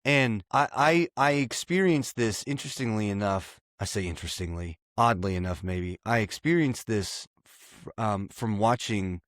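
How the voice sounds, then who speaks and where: A man's voice: on the low side, expressive, moderate pace, hardly any pauses, a bit bright, no room sound, studio quality. A man co-hosting a podcast, speaking in a reflective, agreeable way. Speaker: podcast co-host. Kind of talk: casual chat.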